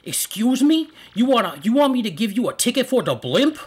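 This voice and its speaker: A man's voice: very high-pitched, very animated, fairly quick, breathy edge, pitched above the performer's own voice, heavily acted. A man doing a sneering Italian-accented mob thug. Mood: menacing. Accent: put-on Italian mobster. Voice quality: threatening, sneering.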